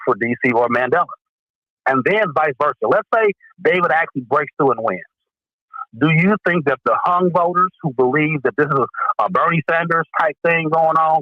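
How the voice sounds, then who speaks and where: A man with a slightly high voice calls in to a talk show and thinks through political questions out loud. His voice comes over a dull, lo-fi call line. There is no room sound around it. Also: no room sound. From Wisconsin, USA. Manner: thinking aloud, analytical. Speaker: caller.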